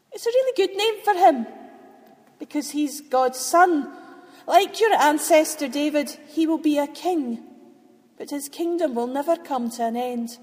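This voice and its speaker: A woman's voice: sits high, a little mellow, long reverb tail, voice pushed up. A woman voicing an earnest young male angel who talks in an eager, reassuring rush.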